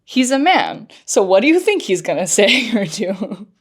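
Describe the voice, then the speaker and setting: A woman's voice: medium pitch, very animated, normal speed, husky. A woman co-hosting a podcast, casually retelling a story with lots of fillers and laughs. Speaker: podcast co-host. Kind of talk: casual chat.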